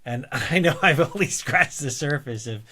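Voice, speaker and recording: Male podcast host, conversational interviewer, halting delivery with frequent restarts. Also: medium pitch, animated, sharp tone. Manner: halting, repeats words while finding his phrasing. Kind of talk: interview questions, casual chat.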